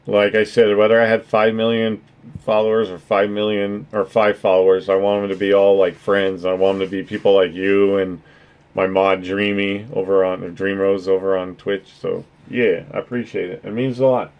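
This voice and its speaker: Rambling low-voiced man streamer. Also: flat delivery, normal speed, smooth, dull audio. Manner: rambling, earnest, swears casually. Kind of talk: casual livestream chat.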